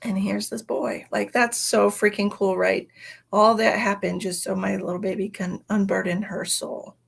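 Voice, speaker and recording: A woman's voice: medium pitch, fairly even intonation, normal speed, vocal fry, breathy edge. A woman in her forties, a psychic medium, telling a story in a chatty way on a livestream and often saying "you know". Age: 40s.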